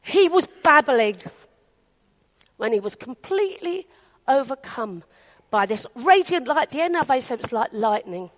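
Woman, English, preacher, chatty anecdotes, high pitch, very animated. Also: moderate pace. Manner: chatty, animated, acts out quotes. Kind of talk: storytelling sermon.

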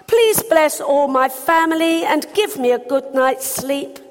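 A woman's voice: high-pitched, lively intonation, a little slow, in a large hall, voice pushed up. A woman voicing a small boy saying his bedtime prayers in an eager, raised child's voice.

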